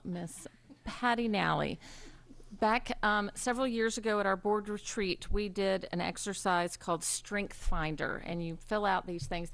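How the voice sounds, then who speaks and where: A woman presiding over a school board meeting, giving a formal tribute speech with many pauses and ums. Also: medium pitch, dry recording. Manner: warm halting delivery with frequent ums. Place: public meeting room.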